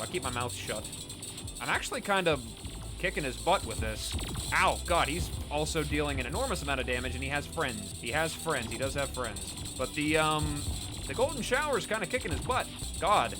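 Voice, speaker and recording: Lively excitable male gameplay commentator. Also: a little high, a little fast, over music. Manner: excitable, chatty, self-mocking. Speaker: let's play host.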